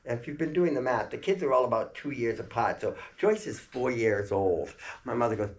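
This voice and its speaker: An older man telling a family story in a chatty, animated way, laughing along as he goes. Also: mid-range voice, moderate pace, few pauses.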